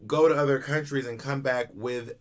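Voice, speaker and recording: A man's voice: mid-range voice, fairly even intonation, moderate pace. A man co-hosting a podcast, chatting casually, musing aloud and asking questions. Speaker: podcast co-host. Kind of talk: casual chat.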